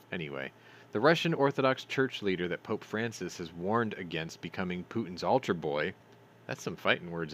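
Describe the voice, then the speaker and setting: A man's voice: deep voice, fairly bright tone, slight background noise. A man hosting a news commentary stream, reading articles aloud and adding sarcastic, profane remarks, stumbling over names.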